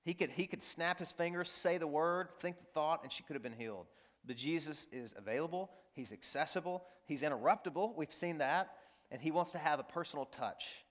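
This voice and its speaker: A man pastor preaching with emphasis, his voice sitting a little high for a man. He repeats his key lines for effect and tells his stories with animation. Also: a little fast. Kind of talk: sermon.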